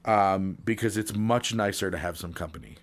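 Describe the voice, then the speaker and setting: A man's voice: deep voice, normal speed. A man co-hosting a podcast, telling long pun setups in a rambling way with many ums and restarts. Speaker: podcast co-host. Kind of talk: casual comedic chat.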